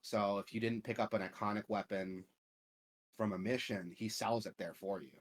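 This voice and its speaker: A man's voice: on the low side, fairly even intonation, normal speed. A man hosting a gaming podcast, chatting casually in a profane, rambling way full of filler words. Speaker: podcast host.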